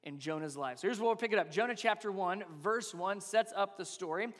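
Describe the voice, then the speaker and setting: High-voiced male pastor preaching in a reverberant hall. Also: fairly quick, a bit bright. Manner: conversational preaching with rhetorical questions. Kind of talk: sermon.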